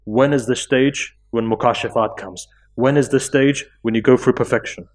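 A man preaching a sermon, slowing down and rising to high, impassioned pleading as he tells stories. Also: fairly even intonation. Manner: slow, drawn-out emphasis. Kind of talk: emotional religious sermon.

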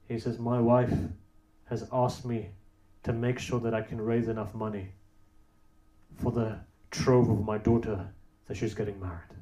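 A man's voice: lowish voice, little pitch movement, a little slow, mellow. A man preaching a sermon, telling a story with rhetorical questions and building to emphatic peaks. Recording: roomy echo.

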